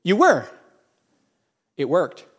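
A man in his forties delivers a sermon with a somewhat high voice. He is folksy and animated, joking with his listeners and jumping from loud exclamations to hushed asides. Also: takes it slowly, husky. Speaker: pastor.

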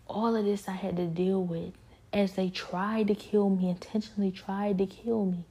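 A woman's voice: mid-range voice, fairly even intonation, moderate pace, dark tone, husky. A woman giving an earnest, repetitive personal testimony, often dropping into a whisper. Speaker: speaker sharing a personal spiritual struggle.

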